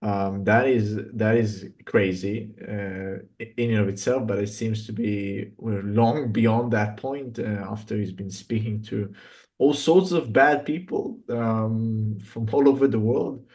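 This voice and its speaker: Halting, skeptical male commentator. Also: on the low side, fairly even intonation, a little mellow. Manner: halting, many fillers and restarts, skeptical. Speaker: guest commentator. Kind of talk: political commentary chat.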